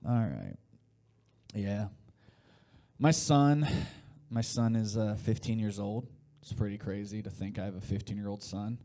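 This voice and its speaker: A man's voice: on the low side, animated, unhurried, long pauses, mellow. A man in his late thirties from Indiana doing a loose, rambling stand-up set with crowd work and laughs between lines. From Indiana, USA. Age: 30s. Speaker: stand-up comedian. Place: live comedy show before an audience.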